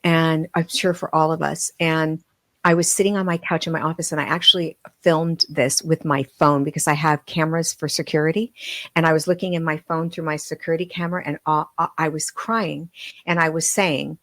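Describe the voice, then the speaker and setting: A middle-aged woman, a guest on a podcast, telling personal stories in an earnest, heartfelt way with halting restarts. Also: low voice, steady tone, fairly bright tone. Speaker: podcast guest, medium and author. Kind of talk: emotional personal storytelling.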